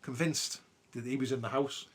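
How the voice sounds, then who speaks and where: A man's voice: medium pitch, steady tone, moderate pace, slightly rough. A man, hosting a podcast and telling a ghost story in a casual, sweary way. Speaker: podcast host.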